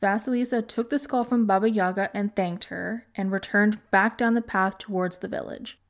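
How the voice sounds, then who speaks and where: A woman hosting a podcast tells an old folk tale aloud. Her narration is calm and measured, with a mid-pitched voice. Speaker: podcast host. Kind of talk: storytelling narration.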